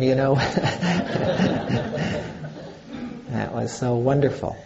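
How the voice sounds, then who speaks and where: An older man giving a Zen dharma talk in a halting way, with many pauses and fillers. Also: medium pitch, animated, gravelly, a little mellow, highs cut off. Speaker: Zen teacher.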